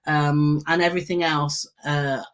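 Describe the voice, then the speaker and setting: A woman's voice: deep voice, little pitch movement, measured pace. A woman co-hosts a casual travel live stream. She chats easily and greets viewers by name while reading out their comments.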